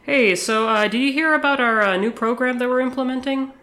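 A woman with a bright, crisp voice places a prank call. She sounds cheerful and official, like a clerk reading an announcement. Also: high voice, a little fast. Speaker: prank caller.

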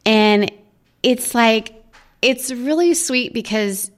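A woman's voice: a little high, slow pace. A woman guest in a studio interview, telling stories about her charity event in a chatty way, full of fillers and quoted voices. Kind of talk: casual storytelling interview.

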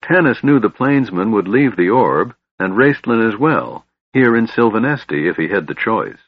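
A man giving scripted fantasy narration as an audiobook narrator, in a steady, measured reading. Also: lowish voice, husky, no room sound. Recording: dull, lo-fi sound.

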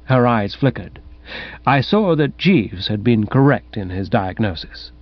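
A man narrating a comic first-person story in a wry, animated storytelling manner. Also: medium pitch, unhurried, no echo. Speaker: audiobook narrator. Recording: dull, dry recording.

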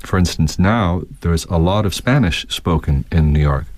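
A man's voice: low-pitched, normal speed, a little mellow, no room sound. A man with a Canadian accent, a guest teacher reading a textbook passage and chatting about accents. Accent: Canadian English.

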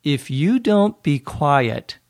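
A man playing an irritated man who wants to watch sports in peace, in a slow, clearly spoken dialogue for English learners. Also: on the high side, expressive, no room sound, clean studio sound. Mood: annoyed. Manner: annoyed, curt, slow and clear.

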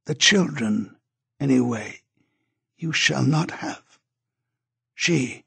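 A man voicing a dying woman full of bitter, delirious hatred, speaking slowly with pauses between words. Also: medium pitch, animated, gravelly, fairly bright tone, slightly rough, exaggerated voice.

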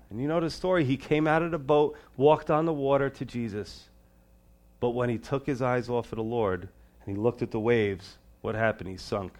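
A man preaching a sermon as a pastor. His delivery swings between raised, emphatic lines and soft, low-pitched asides. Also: moderate pace.

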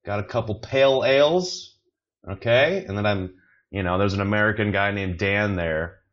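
A man's voice: on the low side, moderate pace, fairly bright tone, highs cut off. A man hosting a casual solo podcast, rambling with many fillers and restarts, joking at his own expense. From not from China, living in Beijing. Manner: rambling, self-deprecating, lots of fillers and restarts. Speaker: podcast host.

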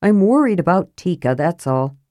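A woman's voice: on the low side, very animated, moderate pace, warm tone, dry recording, studio quality. A woman voicing a blunt young warrior in an audiobook reading, grumbling and casual in his speech. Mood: gruff. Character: gruff, worried big young warrior.

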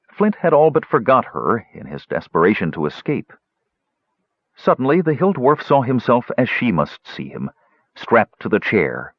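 A low-voiced man reads a fantasy novel aloud with a very expressive, widely varied pitch. The sound is dry and close but a little dull and muffled. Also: dry recording. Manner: expressive storytelling. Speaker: audiobook narrator. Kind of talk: scripted fantasy narration.

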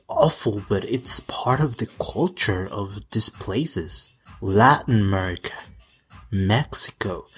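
A man's voice: on the low side, fairly bright tone, slightly rough. A man in his twenties giving casual pop-culture commentary in a sassy, campy way, swearing freely. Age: 20s. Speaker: vlogger.

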